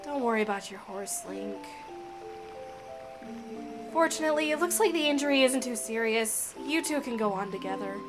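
A woman reading the lines of a gentle, caring young village woman in a video game, softly and earnestly. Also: on the high side, animated, normal speed, pauses often, music in the background, voice pushed down, lightly acted. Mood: worried tender. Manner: soft, earnest, pleading.

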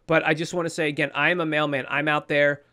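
A man's voice: fairly high pitch, little pitch movement, quick pace, pushed and bright. A man co-hosting a podcast, ranting heatedly with lots of swearing and pleading with listeners. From New York. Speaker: podcast co-host. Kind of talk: casual podcast rant.

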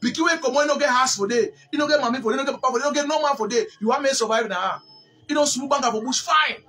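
Man, Cameroonian Pidgin accent, very high-pitched, raspy voice, impassioned live commentary, repeats his points. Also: racing. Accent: Cameroonian Pidgin English. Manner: emphatic and repetitive, rising to near shouts. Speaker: speaker on a live stream.

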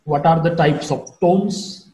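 A man lectures on phonetics at a slow, careful pace. His high voice has a mellow, dark tone. The recording carries a roomy echo. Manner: slow, deliberate teaching with wide pitch swings.

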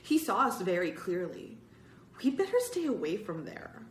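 A jumpy, hesitant young boy, voiced by a woman reading aloud, raised in pitch and uneasy in tone. The reading has a roomy echo. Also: sing-song, normal speed, slight background noise, close to an everyday voice. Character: nervous, thoughtful young boy.

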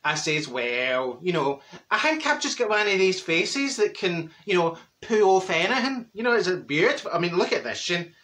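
A man's voice: high-pitched, sing-song, normal speed, bright, forceful tone, exaggerated voice. A man playing a chatty, cheeky older Glasgow woman with a Glaswegian accent, telling gossipy stories in a comic monologue and cackling at her own jokes. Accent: Glaswegian Scottish.

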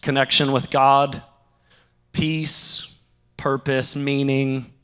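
A young man preaching a sermon, telling a story in a lively way and acting out the other people's lines. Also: mid-range voice, extremely slow, smooth, big-room sound. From St. Louis area. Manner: animated, acts out quoted voices. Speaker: pastor.

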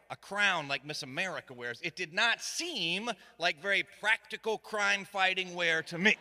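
A middle-aged man tells a comic tale to a live audience. His voice sits high and cuts with a hard, bright edge. A long hall reverb trails each line. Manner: animated, shouting quoted lines, dry asides. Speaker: storyteller. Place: stage in a hall.

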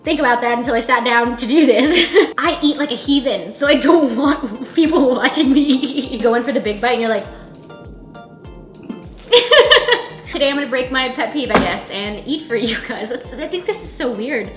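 A woman's voice: fairly high pitch, animated, moderate pace, a bit bright. A woman hosting a casual eating vlog, chatty and rambling, laughing often. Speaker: vlogger host. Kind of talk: casual chat while eating. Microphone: camera filmed by a friend. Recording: echoey room with faint music.

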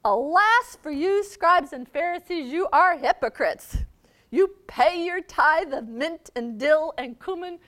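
A woman reading aloud the words of an angry, grieving male prophet, scolding loudly and then lamenting quietly. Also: medium pitch, sing-song, slow pace. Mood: furious scolding.

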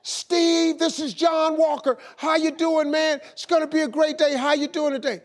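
A man voicing an upbeat grown man who calls early every morning with the same loud, cheerful greeting. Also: extremely high pitch, level tone, moderate pace, voice pushed up. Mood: cheery, pushy. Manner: loud, chipper, repetitive greeting. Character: relentlessly upbeat grown man calling at dawn.

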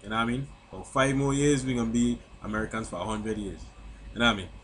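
A young man from St. Croix talks casually into his camera mic with a Crucian accent, his voice sitting on the low side. He is chatty and keeps checking in with "you know what I mean?" A faint hiss runs under the home recording. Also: steady tone, quick pace. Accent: Crucian (St. Croix) English. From St. Croix, US Virgin Islands. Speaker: vlogger.

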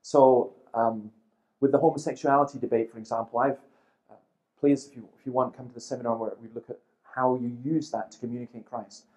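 A man in his fifties giving a seminar talk, telling lively stories with dry humour and acting out the people he quotes. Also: mid-range voice, brisk, rough recording. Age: 50s. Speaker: seminar speaker.

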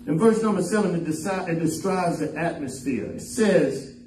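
A man preaching a sermon as pastor, swinging up and down in pitch and half-singing some phrases. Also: moderate pace, darkish tone, a little hiss or hum. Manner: preaching with sudden rises and drops in pitch, half-sung phrases. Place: church sanctuary. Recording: echoey church room, voice from far off the mic.

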